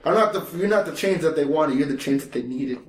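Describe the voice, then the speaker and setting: A man's voice: fairly high pitch, animated, quick pace, echoey room, slight background noise. A man co-hosting a podcast, telling a story in casual chat, swearing freely and acting out the quotes. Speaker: podcast co-host.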